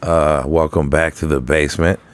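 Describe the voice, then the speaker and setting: A man with a rumbling, very low voice hosts a casual podcast. He jokes, swears freely and talks loosely with his co-host. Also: flat delivery, normal speed. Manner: loose, profane, laughing banter. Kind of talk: casual chat.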